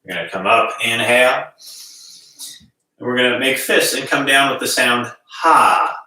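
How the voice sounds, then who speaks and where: Calm man instructor, echoey distant room. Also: medium pitch, moderate pace. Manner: calm, gently guiding with breath cues. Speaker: qigong instructor. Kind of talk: guided movement class.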